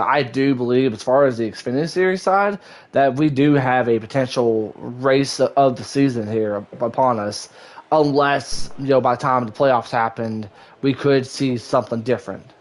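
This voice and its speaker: A male lead commentator calling a sim racing event live, at an everyday middle pitch. He rambles through long sentences and lets his voice climb sharply whenever cars touch or someone spins. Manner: excitable, rambling, voice leaps up during action.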